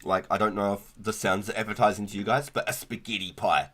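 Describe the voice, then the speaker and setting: A man's voice: on the low side, little pitch movement, fairly quick, pushed and bright. A young man, chatting casually and rambling on a gaming livestream, full of slang like "bro". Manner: laid-back, slangy, rambling with frequent "bro" and "like". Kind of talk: casual gaming stream chat.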